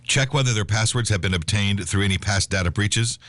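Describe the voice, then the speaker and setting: A man's voice: fairly low pitch, a little fast, fairly bright tone, dry recording. A man hosting a casual radio talk show, reading the news aloud and rambling on with plenty of fillers, on a studio mic.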